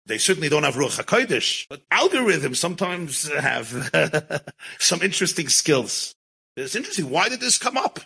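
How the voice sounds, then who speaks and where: Animated man telling a story, bright voice. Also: fairly high pitch, normal speed, gravelly, husky, low-quality recording. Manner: animated, mixes Yiddish and Hebrew words into English. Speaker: rabbi and storyteller. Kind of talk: storytelling talk.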